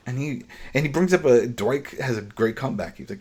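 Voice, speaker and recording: A man's voice: medium pitch, moderate pace, slightly rough. A man casually recapping a TV episode on a podcast, acting out the characters' lines as he retells the scenes. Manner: animated retelling, acting out dialogue.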